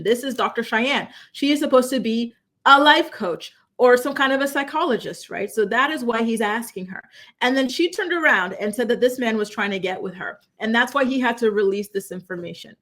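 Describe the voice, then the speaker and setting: Brief: young woman commentator, casual and emphatic, somewhat high pitch, talks straight to camera indoors. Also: brisk, fairly bright tone. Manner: chatty, emphatic, rhetorical questions. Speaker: commentary channel host.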